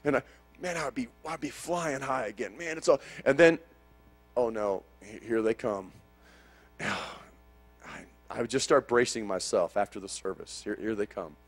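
A man preaching a sermon, telling a personal story that swings from hushed to loud and fervent. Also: mid-range voice, normal speed, soft background music.

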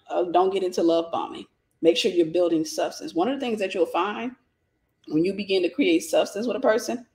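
A woman's voice: mid-range voice, darkish tone. A woman with a Southern accent giving a preachy, informal Christian lesson on relationships, emphatic and repetitive with folksy jokes.

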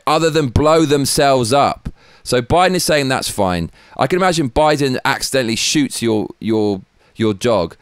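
A man tears into the news in an angry, profane rant, fired up and blunt. His voice sits at an ordinary middle pitch. The sound is close and completely dry. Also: clean tone, no room sound. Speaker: host. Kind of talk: ranting political commentary.

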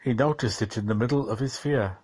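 A man reading a short story aloud in a measured, dramatic audiobook style. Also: medium pitch, a little mellow, breathy edge. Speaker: narrator. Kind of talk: audiobook narration.

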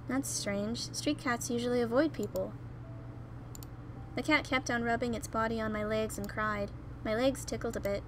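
A young woman gamer reading a visual novel aloud with gushing, excitable asides. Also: on the high side, moderate pace, noisy background.

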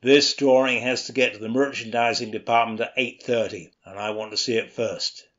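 Radio drama: male actor as a domineering, impatient boss, mid-pitched, dull muffled recording. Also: steady tone, moderate pace, fairly bright tone, natural voice. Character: bullying bossy male employer.

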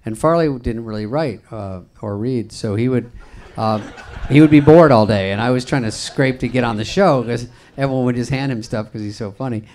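Dude spinning a dry little showbiz story on a panel, mid voice. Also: male voice, mid-range voice, a little fast, hardly any pauses, a little mellow. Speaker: panel guest. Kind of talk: casual storytelling on stage. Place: conference stage.

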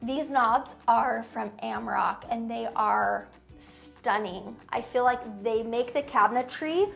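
Chatty woman with a fairly high voice. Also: takes it slowly, creaky, fairly bright tone, faint music behind. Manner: gushing, chatty, many fillers. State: tearful at times. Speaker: vlogger. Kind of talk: casual home tour. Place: inside a home.

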